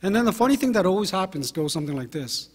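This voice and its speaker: A man in his fifties, a pastor telling anecdotes in a relaxed sermon, with fillers and self-deprecating humor. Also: high-pitched, fast, slightly rough. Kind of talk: conversational sermon storytelling. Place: church sanctuary. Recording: long hall reverb from a church.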